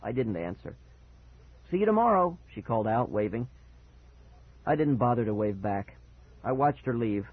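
A man's voice: lowish voice, moderate pace, long pauses, husky, dry recording. A man narrating a first-person spooky children's story expressively, on a dry, tinny recording. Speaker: audiobook narrator. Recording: dry, tinny phone-like sound.

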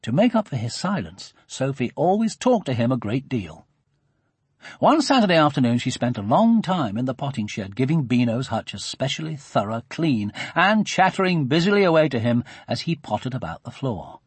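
A man narrating a children's storybook in an expressive, animated reading. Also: mid-range voice, normal speed, slightly rough, no echo.

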